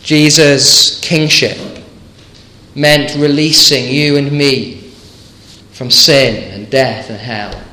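Earnest slow-speaking male preacher, echoey. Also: medium pitch, fairly even intonation, pushed and bright. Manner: earnest, emphatic, with stammered restarts and rhetorical questions. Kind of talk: evening sermon.

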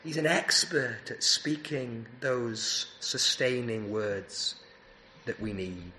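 A man delivers an evening sermon from a church pulpit, earnest and emphatic. His voice is bright and carries clearly. The church room rings with echo, and a faint hiss runs underneath. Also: mid-range voice, takes it slowly. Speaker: preacher.

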